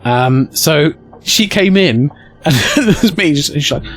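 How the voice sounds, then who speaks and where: A man's voice: a little high, a little slow. A man telling a rambling, jokey personal story in a casual way. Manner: animated, rambling, jokey, swears.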